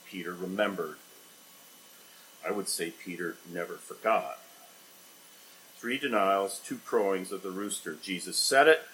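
A man preaching an expository sermon, rising to loud emphatic bursts and dropping to quiet, low scripture reading. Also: measured pace, long pauses, slight background noise, poor audio.

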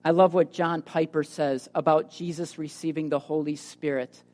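A woman's voice: low voice, steady tone, normal speed, darkish tone. A woman preaching a sermon, emphatic, swinging between raised and dropped delivery for emphasis. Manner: emphatic, rises and drops for emphasis. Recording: reverberant hall.

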